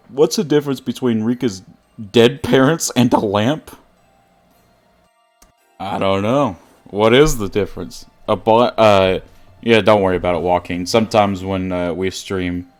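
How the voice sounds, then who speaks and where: A man's voice: lowish voice, moderate pace, soft background music. A man streaming a game live, joking and laughing with his chat as he plays. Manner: jokey, laughs often, talks to chat. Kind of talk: live gameplay commentary chatting with viewers.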